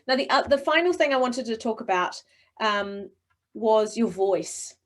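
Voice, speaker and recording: A middle-aged woman coaching speakers in a webinar, encouraging and expressive, talking over a video call. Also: a little high, measured pace. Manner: encouraging, expressive, demonstrates voices. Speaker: presentation coach.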